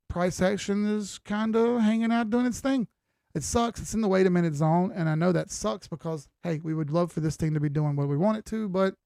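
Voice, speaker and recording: Tired, gravelly male crypto streamer. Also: a little high, warm tone, no echo, clean studio sound. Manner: conversational, repeats phrases, folksy slang. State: tired, yawning. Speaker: crypto chart analyst streamer. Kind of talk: casual live-stream chart commentary.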